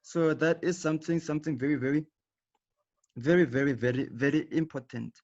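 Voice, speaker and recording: A man's voice: on the high side, a little fast, darkish tone. A man teaching a live online lesson, explaining patiently and repeating himself, often checking in with "okay". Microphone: video call. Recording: dull lo-fi online audio.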